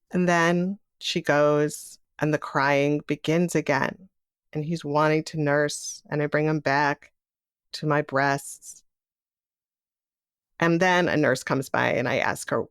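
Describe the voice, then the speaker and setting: A woman's voice: deep voice, a little slow, dry recording, studio quality. A middle-aged woman telling a personal story in present tense, acting out the voices of others. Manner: vivid, animated retelling in present tense, acting out quoted voices.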